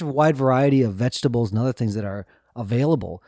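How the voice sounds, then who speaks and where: A middle-aged podcast host with a mellow, mid-range voice talks at a quick clip, captured dry with clean studio sound. In a casual, reflective chat he shares travel anecdotes, nudges things along with questions, and laughs lightly.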